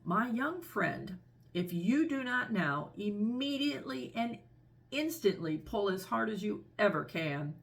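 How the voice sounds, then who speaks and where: A woman voicing a wordy, pompous male python snake in a storybook reading, speaking slow and formal. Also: medium pitch, big pitch swings, vocal fry, far from the mic, voice pushed up. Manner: slow, formal, long-winded.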